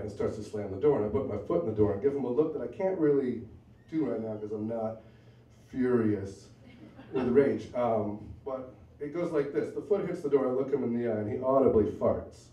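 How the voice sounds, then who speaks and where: A man's voice: mid-range voice, normal speed, warm tone. A man telling a true personal story live, in a wry, conversational way with asides. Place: bar venue with a live audience. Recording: roomy, from a distance, faint ambience.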